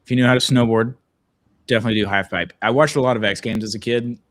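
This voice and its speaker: A man's voice: mid-range voice, steady tone, quick pace. A man hosting a podcast watch-along, chatting casually and rambling as he reads out viewer comments. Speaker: podcast host.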